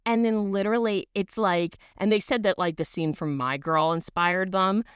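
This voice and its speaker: A woman in her thirties, a podcast co-host, telling a long story in casual chat, animated and full of fillers and swearing. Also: medium pitch, moderate pace, clear, resonant tone, dry recording, clean studio sound. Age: 30s.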